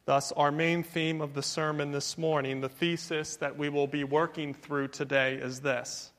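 High-voiced pastor preaching in a reverberant hall. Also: male voice, level tone, measured pace, fairly bright tone. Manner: emphatic preaching cadence with repetition. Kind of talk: sermon.

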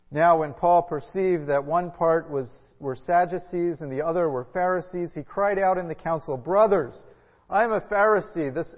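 A male pastor reading scripture aloud and then preaching a sermon in an earnest, measured way, with frequent filler sounds. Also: fairly high pitch. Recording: echoey hall, dull lo-fi sound.

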